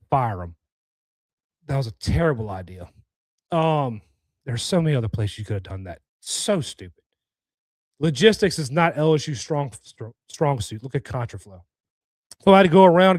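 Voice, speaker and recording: A man's voice: fairly high pitch, dry recording, clean studio sound. Blunt, opinionated sports talk man. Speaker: podcast host. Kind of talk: casual sports talk show rant.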